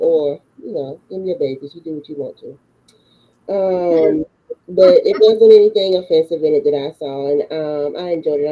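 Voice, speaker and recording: Husky woman on a dull lo-fi mic. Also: sits low. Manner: easygoing, hesitant with ums. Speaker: movie review co-host. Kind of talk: casual chat. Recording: dull lo-fi sound.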